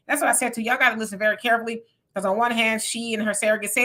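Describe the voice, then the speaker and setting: Woman, live-stream host, bright tone, slightly high voice, animated, laughing, greets viewers by name. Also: racing. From Texas. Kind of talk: casual live chat reading viewer comments.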